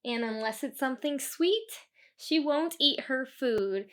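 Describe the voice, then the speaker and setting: A woman's voice: high-pitched, animated, unhurried. A woman reading a children's book aloud, stopping for chatty asides to explain the story to kids. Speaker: storybook reader.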